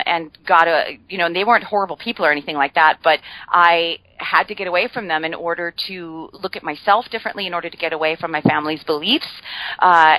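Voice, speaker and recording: A woman's voice: on the low side, sharp tone, dry recording, rough recording. A woman guest on a podcast, explaining ideas in a chatty way with frequent fillers and playful humor. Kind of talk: casual podcast conversation.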